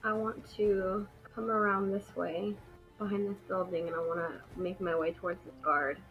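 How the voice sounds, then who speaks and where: A woman's voice: medium pitch, fairly even intonation, normal speed. A woman plays a tabletop game and chats casually, with lots of fillers. The recording sounds dull and lo-fi, with faint music underneath. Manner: casual, chatty, filler-heavy. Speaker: player.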